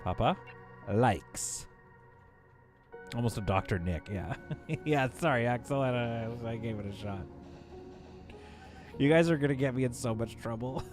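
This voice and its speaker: A man's voice: mid-range voice, lively intonation, moderate pace, long pauses, over music. Playful Canadian man streaming a game. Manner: playful, chatty, reads and answers chat. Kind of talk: casual live gameplay commentary.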